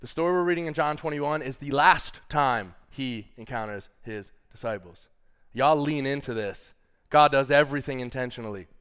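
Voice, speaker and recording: A man's voice: mid-range voice, moderate pace, a bit bright, smooth. A man preaching a sermon, casual and playful, calling the congregation y'all and reading scripture aloud. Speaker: pastor.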